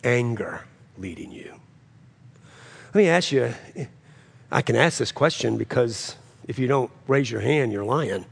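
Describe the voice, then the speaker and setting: A man preaching a sermon, swinging between loud, high climaxes and low, quiet drops, repeating phrases for emphasis. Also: animated, unhurried, vocal fry, pauses often, breathy edge. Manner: preaching with sudden rises and drops in pitch and loudness, repeating phrases. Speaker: pastor.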